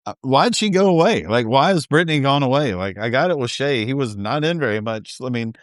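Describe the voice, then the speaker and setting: A man co-hosting a podcast, offering relaxed opinions in easy chat. His voice sits at a middle pitch and sounds smooth and clean. The sound is dry and close, with no room in it. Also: fairly quick, no room sound. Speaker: podcast co-host. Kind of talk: casual recap chat.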